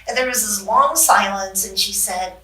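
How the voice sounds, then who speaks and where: An older woman, a guest on an interview show, telling stories in a lively way and acting out the people she quotes. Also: medium pitch, moderate pace, slight background noise. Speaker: interview guest, longtime aide. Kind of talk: anecdotal storytelling in conversation. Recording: echoey room, distant mic.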